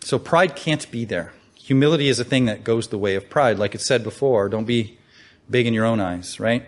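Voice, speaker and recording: A man's voice: mid-range voice, normal speed. A man teaching from the Bible in a conversational way, asking rhetorical questions and reading scripture aloud.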